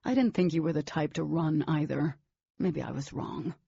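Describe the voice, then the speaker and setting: A woman narrator voicing an intense, stubborn teenage boy who talks in a forceful, insistent way. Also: deep voice, moderate pace, creaky, slightly rough, lo-fi sound, full character voice.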